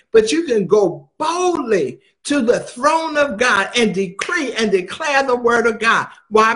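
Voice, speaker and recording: Preacher: man with a very high voice, emphatic, drives points home by repeating them. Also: fairly bright tone. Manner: emphatic, repeats phrases for stress. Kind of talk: sermon.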